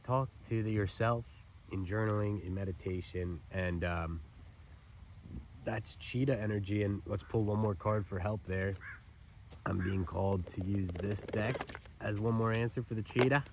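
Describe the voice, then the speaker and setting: A man with a fairly low voice gives a casual spiritual oracle card reading outdoors at a lakeside park. He talks in a loose, rambling, chatty way, drifting between asides and card readings. Faint outdoor noise and birds sit quietly behind him. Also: moderate pace.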